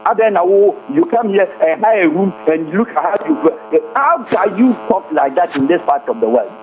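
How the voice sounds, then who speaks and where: A man's voice: high voice, sing-song, moderate pace. A man giving impassioned political commentary as a radio guest, switching between Twi and English and firing off rhetorical questions. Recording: tinny phone-line radio audio with faint hum.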